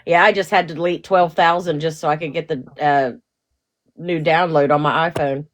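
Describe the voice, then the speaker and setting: A woman's voice: deep voice, fairly even intonation, moderate pace, no echo. A woman chatting casually on a live stream, chatty and brash, swearing freely. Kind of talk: casual chat.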